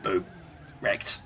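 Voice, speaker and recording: A man's voice: fairly bright tone, slight background noise. A man from Leeds with a Yorkshire accent, rambling and chuckling to himself as he plays and streams old games. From Leeds, England. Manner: rambling, chuckling, talks to himself while playing. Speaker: game streamer. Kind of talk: casual live-stream commentary.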